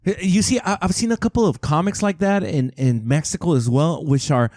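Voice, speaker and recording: Lively, swearing man on a podcast. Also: on the high side, normal speed, no room sound, clean studio sound. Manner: animated, swears freely, acts out quotes. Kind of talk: casual podcast chat.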